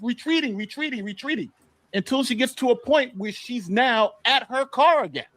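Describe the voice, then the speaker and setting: A man's voice: very high voice, lively intonation, normal speed, a bit bright, no room sound. A man hosting a casual panel discussion, laying out an argument point by point. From New York. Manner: argumentative, builds a case point by point. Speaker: panel host.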